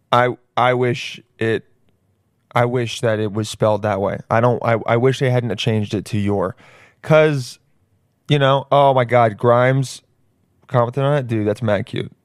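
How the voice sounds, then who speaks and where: A man in a casual comedic riff, excitable and full of slang and swearing. His voice sits in an ordinary middle register. The recording is dry and close, with no room sound. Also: mid-range voice, takes it slowly, pauses often, clean tone, no room sound.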